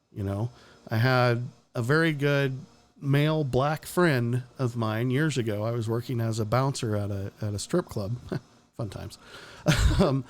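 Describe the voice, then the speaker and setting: A man hosting a podcast, giving blunt, profane opinions in casual talk and chuckling often. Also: mid-range voice. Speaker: podcast host.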